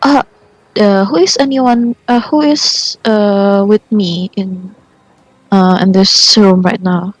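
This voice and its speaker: Halting woman player, dry close sound. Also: medium pitch, fairly even intonation, no echo, poor audio. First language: non-native English speaker. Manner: puzzled, questioning, halting. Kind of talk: playing a tabletop game over voice chat.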